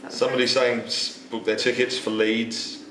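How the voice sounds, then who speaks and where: A man's voice: mid-range voice, little pitch movement, normal speed, a bit bright, roomy sound, a little hiss or hum, low-quality recording. A man in a band, chatting casually in the studio, easygoing with dry jokes. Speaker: band member, keyboardist.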